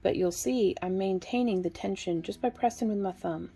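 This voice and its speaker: Female craft instructor, mellow dark tone, casual step-by-step tutorial delivery. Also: medium pitch, moderate pace. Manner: relaxed, chatty, counts stitches aloud.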